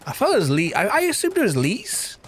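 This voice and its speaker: A man streaming a game, chatting casually to viewers, swearing often and jumping high in pitch when amazed. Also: wildly swooping pitch, a little fast, a little hiss or hum. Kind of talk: casual gaming livestream chat. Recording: faint background music.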